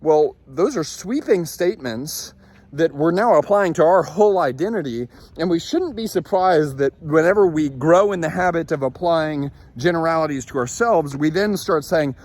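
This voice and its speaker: A man in his thirties, a leadership coach, telling a story in a relaxed, conversational way with frequent fillers and restarts. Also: fairly high pitch, moderate pace. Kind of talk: casual storytelling talk.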